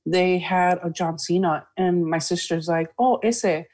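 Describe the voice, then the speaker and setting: An enthusiastic woman co-hosts a wrestling podcast in relaxed, casual chat. She gushes freely over the matches and the wrestlers. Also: lowish voice, measured pace. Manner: gushing, enthusiastic wrestling fan. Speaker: podcast co-host.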